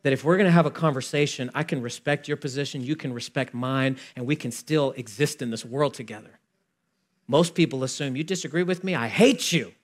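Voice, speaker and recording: A man preaching a sermon as pastor, conversational and animated, acting out both sides of a dialogue and swinging from loud emphasis to hushed asides. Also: mid-range voice.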